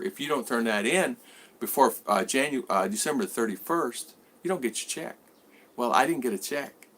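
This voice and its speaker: A man in his sixties with a bright, forward voice, chatting loosely on a live stream. He drifts from one thought to the next as he greets viewers by name and answers them. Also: medium pitch. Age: 60s. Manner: rambling, greets viewers by name and reads their comments. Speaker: vlogger host. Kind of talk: casual live-stream chat.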